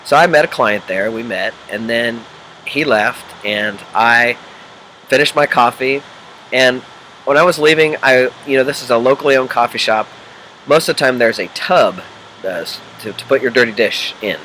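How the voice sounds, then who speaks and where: A man's voice: medium pitch, normal speed, sharp tone, a little hiss or hum, poor audio. A man from the Midwest coaching the viewer in a casual unedited video, checking in with the viewer and acting out voices in his examples. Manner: acts out quoted voices and inner chatter. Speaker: executive life coach.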